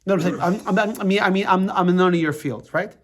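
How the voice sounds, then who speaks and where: A middle-aged American rabbi teaches a casual class in a high-pitched, fairly quick voice. He talks loosely and conversationally, repeating words, restarting sentences, and checking in with the room by asking "right?"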